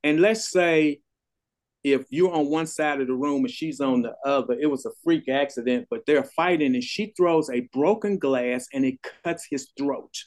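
A man's voice: mid-range voice, normal speed, a little mellow. An older man, a trial lawyer telling a courtroom story in an interview, acting out quoted voices. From Texas.

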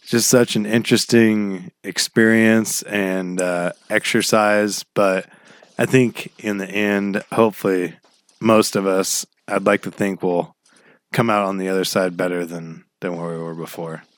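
A man's voice: low voice, fairly even intonation, a little slow, no echo. A man in his thirties hosting a radio show from his home office, chatting casually and rambling with easy laughs. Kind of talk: casual chat.

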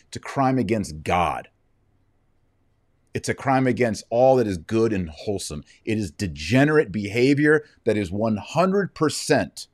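A man's voice: on the low side, darkish tone, no echo, studio quality. A man giving heated, preachy opinion commentary, fiery and sarcastic.

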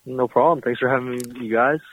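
A man's voice: medium pitch, fast, dry recording. A man, a professional bowler, chatting easily in an interview with many fillers, heard over a remote call. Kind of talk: casual interview answers. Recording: tinny phone-like line, dry.

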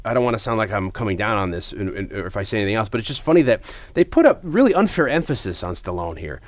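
Animated man retelling a movie. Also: lowish voice, quick pace. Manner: animated retelling, shouts out quoted lines. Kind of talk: casual movie discussion.

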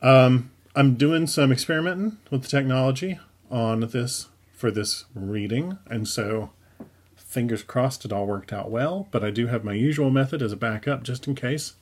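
A man reading his own story aloud in a wry, unhurried storytelling manner. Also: mid-range voice. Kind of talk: audiobook narration.

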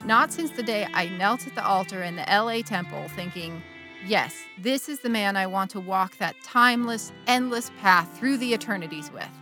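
A woman's voice: medium pitch, animated, normal speed, pushed and bright, faint music behind. An actress playing a middle-aged churchgoing wife who confesses an affair to her bishop, wry and candid, with sudden bursts of feeling. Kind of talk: dramatic monologue.

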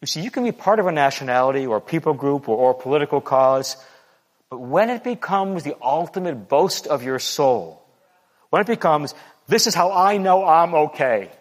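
Man, sermon, earnest, repeats himself, acts out quotes, slightly high voice, long reverb. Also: lively intonation, moderate pace. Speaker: preacher.

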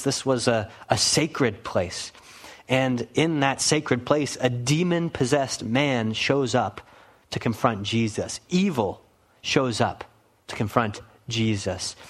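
A man's voice: mid-range voice, husky. A man pastor giving an earnest, emphatic expository sermon in a church, stopping to ask his listeners questions.

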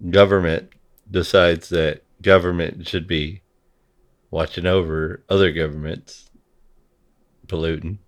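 A man's voice: low-pitched, level tone, unhurried, pauses often. A man in a heated conversation, talking bluntly and swearing freely as he rants. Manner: blunt, profane ranting.

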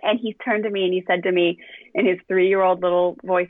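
A woman's voice: on the low side, brisk, slight background noise. A middle-aged woman parenting coach telling candid stories in a podcast conversation, acting out what was said. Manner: candid, animated, acts out quotes. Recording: dry, tinny phone-like line.

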